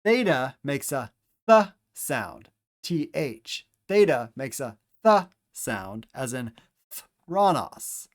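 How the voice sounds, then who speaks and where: A man leads a Greek pronunciation lesson at a very unhurried pace, saying each letter and example word twice so listeners can repeat after him. His voice sits at an ordinary middle pitch, and his delivery is careful and measured. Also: very animated. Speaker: Greek teacher. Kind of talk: slow instructional pronunciation lesson.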